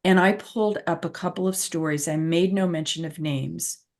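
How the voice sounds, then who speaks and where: A woman's voice: on the low side, fairly even intonation, normal speed. Earnest woman telling a personal story. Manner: earnest, reflective, emphatic repetitions. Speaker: patient advocate, podcast host. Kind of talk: conversational storytelling.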